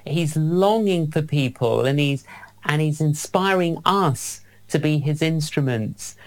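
A man hosting a faith interview, asking questions in a calm, measured way. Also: fairly high pitch. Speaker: host.

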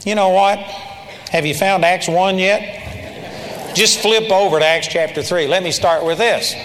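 A man's voice: sits high, unhurried, a bit bright, a little hiss or hum. A man preaching a sermon in an emphatic way, sometimes mimicking timid, pleading prayers. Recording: long hall reverb.

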